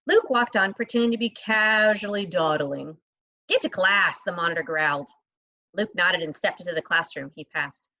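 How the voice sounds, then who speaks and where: A woman reading a children's novel aloud, expressive, lightly voicing the characters and adding chatty asides to the listener. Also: fairly low pitch, moderate pace, poor audio.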